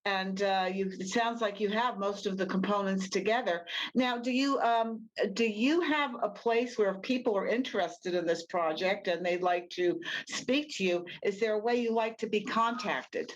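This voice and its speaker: A woman hosting an interview, reacting with quick encouraging remarks and asking follow-up questions. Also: mid-range voice, a little hiss or hum. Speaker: host. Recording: dull lo-fi sound.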